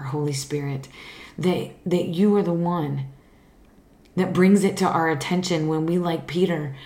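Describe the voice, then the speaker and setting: A woman's voice: fairly low pitch, a little mellow, reverberant. A woman co-hosting a faith podcast, talking earnestly about faith and then leading a prayer. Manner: earnest, reflective, pauses and restarts. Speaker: podcast co-host. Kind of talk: casual Bible discussion and spoken prayer.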